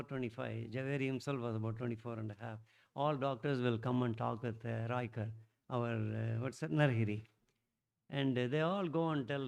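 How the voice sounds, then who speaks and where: A middle-aged man, telling a devotional story at a satsang in a rambling, animated way, restarting often and bursting out louder. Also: mid-range voice, gravelly. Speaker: satsang speaker.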